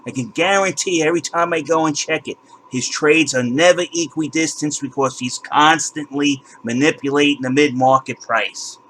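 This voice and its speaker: A man's voice: a little high, moderate pace, bright, forceful tone, poor audio. Indignant man ranting over faint noise. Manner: indignant, exasperated, swears, repeats words. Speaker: crypto channel host. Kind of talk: ranting screen walkthrough.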